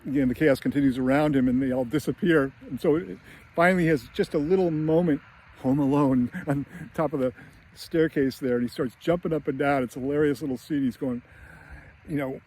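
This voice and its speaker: A man's voice: fairly high pitch, a little fast, darkish tone, a little hiss or hum. A man giving a casual, rambling film analysis with many fillers and chuckles. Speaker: screenwriting commentator.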